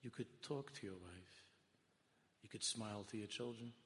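A man giving a Torah lecture as a rabbi, impassioned and shifting from loud emphasis to hushed tones, mixing Hebrew and Yiddish terms into English. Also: fairly low pitch, normal speed. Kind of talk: sermon-style Torah lecture. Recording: long hall reverb.

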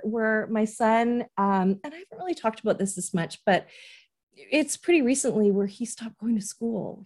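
A woman's voice: mid-range voice, a little mellow. A woman in her forties hosting a parenting podcast, telling a personal story in a candid, conversational way with many asides.

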